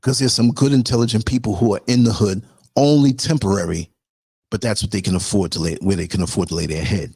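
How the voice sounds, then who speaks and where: A man hosting a podcast, telling stories in a loose, conversational way, with quick asides to his listeners and bursts of mimicry. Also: on the low side, gravelly, husky, no room sound, studio quality. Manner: animated, jumps into mimicry and sound effects; conversational, frequent asides to viewers. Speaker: podcast host. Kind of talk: casual storytelling monologue.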